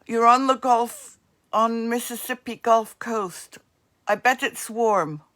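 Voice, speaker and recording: Speaking slowly in a slightly high, fairly bright voice, a New Jersey–accented woman from the US Northeast runs a crafts livestream. She talks casually with her viewers, making warm, chatty remarks to people in the comments.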